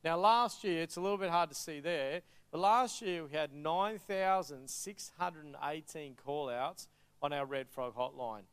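Australian man, upbeat storyteller at a church talk, smooth, resonant, slightly high voice. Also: measured pace. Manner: energetic, joking, storytelling. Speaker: charity speaker.

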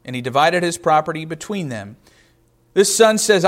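A pastor in his thirties delivers a sermon in a relaxed, chatty storytelling way. His voice sits a little on the high side for a man, and he weaves personal stories into the teaching. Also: normal speed. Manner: conversational, storytelling with personal anecdotes.

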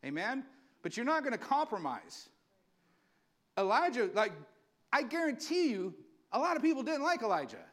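High-voiced, animated preaching man. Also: moderate pace, pauses often. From California. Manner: impassioned, conversational preaching with acted-out quotes. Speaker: pastor. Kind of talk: sermon.

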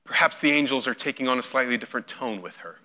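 Bright-voiced male preacher. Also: mid-range voice, fast. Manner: storytelling, acts out quoted voices with big swings in loudness. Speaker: pastor. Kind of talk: sermon.

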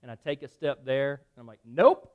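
A man preaching a sermon, telling a personal story conversationally, with self-deprecating asides and lively acted-out dialogue. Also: medium pitch, fast, smooth, phone-quality sound. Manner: animated, acts out dialogue in shifting voices. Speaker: pastor.

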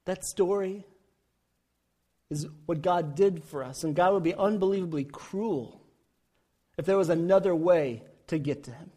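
A man in his forties preaching a sermon, telling stories with impassioned rises and quiet falls. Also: sits high, measured pace, long pauses, husky. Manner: impassioned storytelling, rising and falling intensity. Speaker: pastor.

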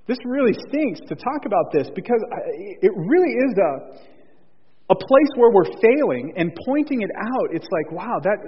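A man's voice: high-pitched, big pitch swings, moderate pace. Preaching man in an echoing church. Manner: earnest, repeats key phrases, frequent restarts. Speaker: pastor. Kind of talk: sermon. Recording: husky voice in a long church reverb, dull lo-fi sound.

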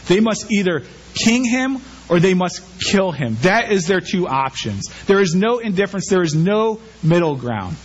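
Man, sermon, rhetorical questions, a bit high-pitched, dull recording. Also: normal speed, slightly rough. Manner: animated preaching with rhetorical questions. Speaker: pastor.

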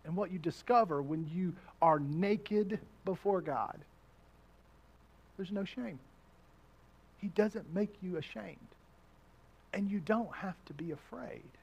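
A male pastor with a notably high speaking voice delivers a sermon. He repeats pointed questions that climb and grow louder, then sinks to quiet, intimate stretches. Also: takes it slowly, gravelly, pauses often, breathy edge, lo-fi sound. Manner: preaching with rising, repeated questions that build in volume.

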